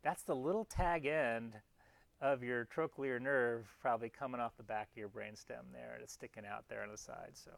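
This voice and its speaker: A man's voice: medium pitch, steady tone, normal speed, vocal fry, fairly bright tone, no echo. A man giving a classroom anatomy lecture in a casual, chatty way, often restarting mid-phrase and pointing out parts on slides as he goes. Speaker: anatomy instructor.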